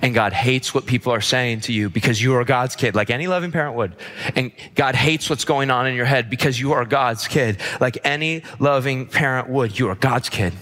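A man's voice: mid-range voice, fairly quick, fairly bright tone, big-room sound. A man preaching a sermon at a church service, speaking with impassioned, repeated lines for emphasis. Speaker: pastor.

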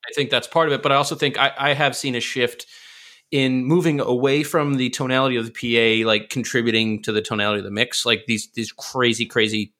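A man's voice: medium pitch, fairly even intonation, sharp tone. A man, a system engineer, talking shop in a casual panel discussion, thinking aloud with frequent restarts. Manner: fast, thoughtful, with frequent restarts.

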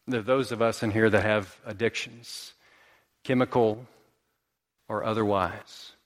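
A male pastor preaching a sermon, rising to high emphatic peaks and then dropping to soft, slow lines. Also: steady tone. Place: church sanctuary. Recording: long hall reverb.

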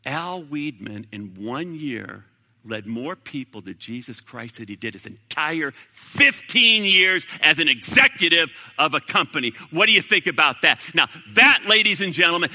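A man preaching a sermon in a church, swinging from loud declarations to hushed, near-whispered prayer. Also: a little high, expressive, moderate pace. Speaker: pastor. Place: church sanctuary. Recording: echoey hall reverb.

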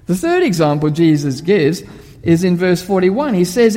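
High, lively preacher man in an echoing hall. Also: normal speed. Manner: storytelling, vivid, rhetorical questions. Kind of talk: sermon. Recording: long hall reverb.

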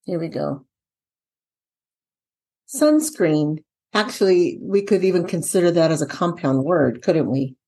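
A woman's voice: lowish voice, lively intonation, unhurried, long pauses, warm tone, husky. Woman teaching syllable division step by step. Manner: talks herself through each step, asks viewers questions. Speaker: dyslexia teacher trainer. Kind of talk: casual instructional walkthrough.

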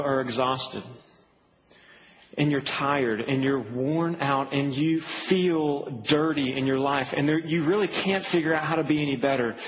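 Male pastor, high voice, earnest sermon delivery, faint hiss in a reverberant hall. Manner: earnest preaching, rising to emphatic peaks.

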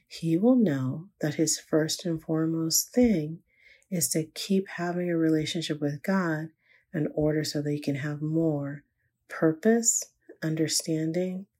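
A woman's voice: low voice, fairly even intonation, unhurried, dark tone, slightly rough. An older woman, a grandmother, telling an earnest, reflective faith story about her grandson. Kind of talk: inspirational personal storytelling.

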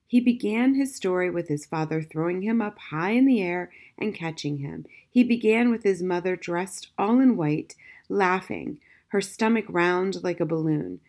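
A woman narrating an audiobook chapter in a calm, measured storytelling voice. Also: lowish voice. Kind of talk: scripted narration.

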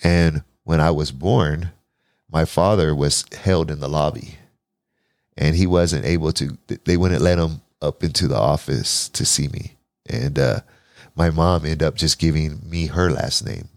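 A man in his forties, a podcast guest, telling a personal story in casual, animated talk, often quoting himself and swearing. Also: a bass voice, unhurried, vocal fry, no echo, clean studio sound. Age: 40s. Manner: animated, profane, restarts and quotes himself.

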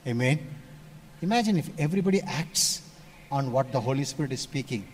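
A man from India, preaching a sermon and telling stories, switching between loud emphasis and hushed asides. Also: medium pitch, brisk. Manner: storytelling, animated shifts between loud and hushed.

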